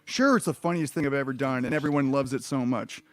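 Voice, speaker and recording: A man's voice: medium pitch, fast talker. A man streaming a reaction, ranting in an exasperated, sarcastic, profane way about what he watches.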